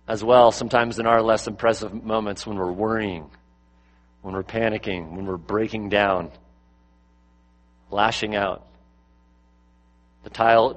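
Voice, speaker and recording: A male pastor delivering a sermon, swinging between louder, higher bursts and low, quiet passages, with lots of rhetorical questions. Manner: rises and drops in pitch and loudness for emphasis, asks rhetorical questions.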